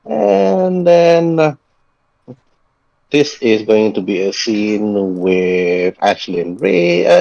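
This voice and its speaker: A man's voice: mid-range voice, expressive, takes it slowly, vocal fry, a little mellow, no room sound. A man running an online tabletop game as game master, narrating loosely with many restarts. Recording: dull lo-fi mic.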